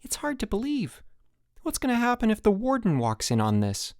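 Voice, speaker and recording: A man's voice: mid-range voice, big pitch swings, moderate pace, dry recording, studio quality, natural voice. A man voicing a timid young male camp administrator who stammers and hesitates. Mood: nervous.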